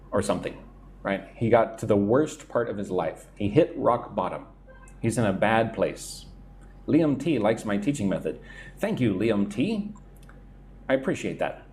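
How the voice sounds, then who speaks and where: A man's voice: on the low side, darkish tone, slight background noise. A man teaching English idioms on a live stream, reading out viewer comments and checking in with "right?" as he explains.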